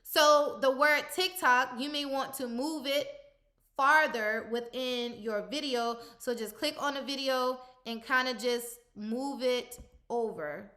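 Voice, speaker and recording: A young woman with a high, bright voice talks through an editing tutorial one step at a time. Her delivery is loose and chatty, full of little "um"s and "uh"s as she clicks along, like a coach showing a friend. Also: slow. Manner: chatty, step-by-step instruction with frequent fillers. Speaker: content coach. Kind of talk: screen-recorded software tutorial.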